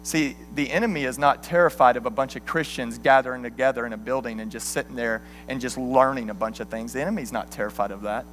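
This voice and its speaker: A man in his thirties preaching a sermon as an animated, joking storyteller. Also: mid-range voice, fast, few pauses, slight background noise. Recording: long hall reverb.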